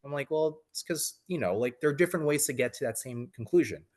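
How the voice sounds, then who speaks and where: A man's voice: mid-range voice, lively intonation, fast talker, darkish tone. A man in his thirties, a coaching client, talking casually in an interview with many fillers and restarts.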